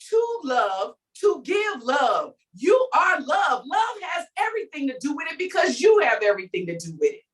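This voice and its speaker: A woman's voice: sits high, fairly bright tone, recorded from a distance, low-quality recording. A woman giving an emphatic, preachy faith talk, calling out to her listeners as she vents. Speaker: faith vlogger. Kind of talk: inspirational rant.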